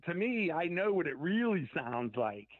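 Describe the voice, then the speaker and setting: Guy on the phone telling old band stories, high voice, dry, tinny. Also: sing-song, moderate pace, no echo. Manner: rambling, acts out quotes from memory. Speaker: musician guest. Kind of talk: casual interview storytelling.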